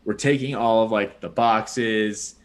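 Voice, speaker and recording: A man's voice: on the low side, steady tone, unhurried. A young man, a podcast host, telling a long rambling story in casual chat, full of "like" and "dude".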